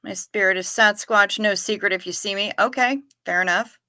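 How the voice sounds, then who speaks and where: A woman's voice: mid-range voice, moderate pace, pushed and bright, dry recording, clean studio sound. A woman hosting a casual livestream, chatting and reading out viewer comments as she answers them. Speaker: livestream host.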